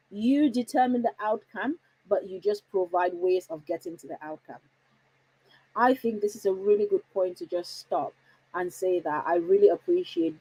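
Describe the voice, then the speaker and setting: A woman's voice: mid-range voice, warm tone, breathy edge, low-quality recording. A woman hosting a parenting livestream from home, chatty and reassuring, often putting questions to her viewers. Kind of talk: casual livestream talk.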